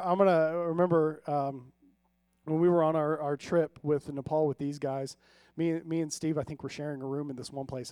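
High-voiced man preaching a conversational sermon. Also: a little mellow, dry recording, studio quality. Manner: conversational preaching with frequent audience check-ins; humorous storytelling. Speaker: pastor.

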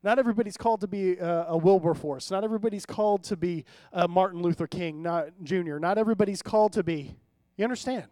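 High-voiced man preaching a conversational sermon. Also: fast, hardly any pauses, dark tone, no room sound, studio quality. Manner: conversational preaching with frequent audience check-ins; humorous storytelling. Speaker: pastor.

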